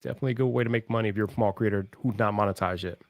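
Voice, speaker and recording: A man's voice: fairly low pitch, fairly even intonation, racing, no echo, clean studio sound. Laid-back man co-hosting a livestream. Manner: laid-back slangy talk. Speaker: livestream co-host. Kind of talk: casual livestream chat.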